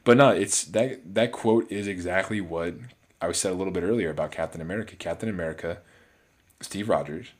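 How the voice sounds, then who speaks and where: A man's voice: sits low, a little fast. A man giving a casual solo movie review, rambling with many restarts and fillers. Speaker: film reviewer.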